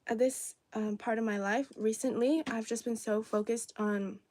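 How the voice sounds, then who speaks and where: A woman's voice: medium pitch, dark tone. A young woman from China, a native Cantonese speaker, chatting casually on a livestream and answering viewers' comments. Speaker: livestream host. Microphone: phone or camera on tripod.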